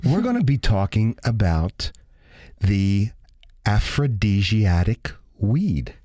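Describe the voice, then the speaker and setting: A man's voice: lowish voice, sing-song, slow, dark tone, no room sound, clean studio sound. A man co-hosting a radio show in a playful, joking, casual chat. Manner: playful, jokey, drops in pirate growls.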